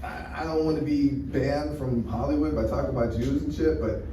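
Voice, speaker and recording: Fairly even in intonation and a little fast, the mid-range voice belongs to an American stand-up comedian working through a rambling, crude routine with constant restarts and fillers. The recording is distant and echoey, with faint noise.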